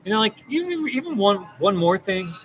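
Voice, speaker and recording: A man who works as a therapist, talking casually and gently to the camera, rambling and reassuring. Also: sits high, sing-song, a little fast, a little hiss or hum, rough recording. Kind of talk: casual direct-to-camera talk.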